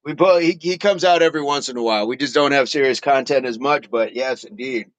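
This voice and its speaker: A man's voice: mid-range voice, brisk, fairly bright tone, no room sound. Guy chatting on his workout livestream, laughs a lot, repeats himself, dry sound. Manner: chatty and playful, laughs often, repeats phrases. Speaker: fitness livestream host. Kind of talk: casual livestream chat, reading viewer comments aloud.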